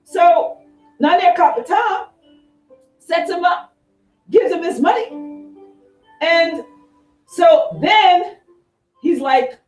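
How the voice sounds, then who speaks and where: A woman reverend retelling an ancient tale in a lively, conversational sermon, acting out the characters as she goes. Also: very high-pitched, very slow, pauses often. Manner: animated, conversational, acts out characters. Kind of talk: storytelling sermon. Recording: echoey room, far from mic, faint music.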